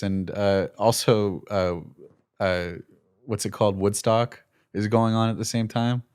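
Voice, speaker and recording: A man chatting casually as a film reviewer, animated and jokey, slipping into quick impressions of characters. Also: fairly low pitch, clear, resonant tone. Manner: animated, jokey, slips into quoted character voices. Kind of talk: casual movie review chat.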